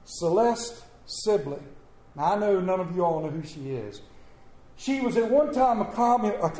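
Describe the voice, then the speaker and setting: Folksy preacher, high and echoey. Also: male voice. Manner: folksy storytelling with sudden loud bursts. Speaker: pastor. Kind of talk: sermon. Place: church. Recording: echoey church room.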